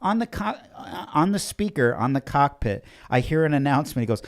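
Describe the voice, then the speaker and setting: A man's voice: a little high, big pitch swings, a little fast, hardly any pauses. A man telling a story as a guest on a talk show, emphatic and sarcastic. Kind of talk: animated storytelling.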